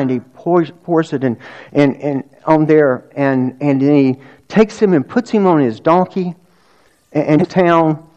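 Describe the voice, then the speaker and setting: Guy pastor giving a chatty sermon, kinda high voice, muffled lo-fi audio. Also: a little mellow. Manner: conversational preaching with restarts and rhetorical questions.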